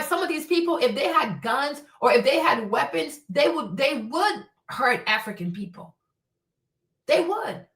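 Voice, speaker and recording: A woman's voice: sits high, sharp tone. A woman hosting a livestream, ranting in heated, profane, emphatic commentary. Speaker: livestream host. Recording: echoey room, distant mic.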